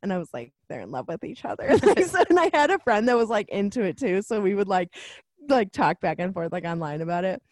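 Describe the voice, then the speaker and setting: A young woman talks casually about a film, laughing often and filling her speech with "like." Her pitch swings widely and stays lively. The recording is dry and close, with no room sound. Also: fairly quick, no room sound. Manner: animated, laughs often, many fillers.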